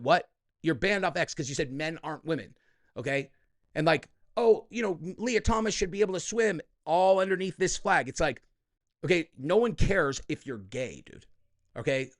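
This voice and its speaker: A man hosting heated political commentary, profane and combative, who keeps tagging his points with "okay?" and "dude.". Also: fairly high pitch.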